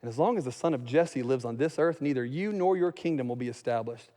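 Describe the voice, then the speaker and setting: A man preaching a sermon as pastor, animated, acting out quotes in different voices. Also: medium pitch, fast, big-room sound.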